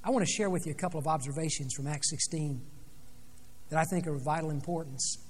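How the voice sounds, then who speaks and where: A man preaching a sermon, retelling a scripture story dramatically, rising loud and dropping soft. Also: a little high, quick pace. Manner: dramatic storytelling with sweeping swings in loudness. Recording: long reverb of a large hall.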